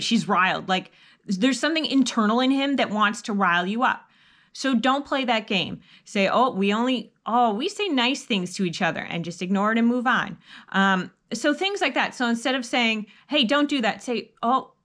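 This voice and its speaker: A woman's voice: fairly high pitch, fairly bright tone. Earnest, rambling woman giving parenting advice. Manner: earnest, rambling with restarts, acts out upbeat parent lines. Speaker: homeschooling parent advice vlogger. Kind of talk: casual advice talk to camera.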